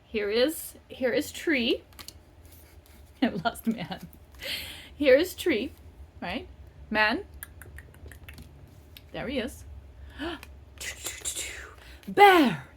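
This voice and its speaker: A woman's voice: on the high side, expressive, drawn-out words, pauses often, slightly rough. A middle-aged woman from California giving a casual tarot reading, playful and rambling with frequent laughs. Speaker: tarot reader.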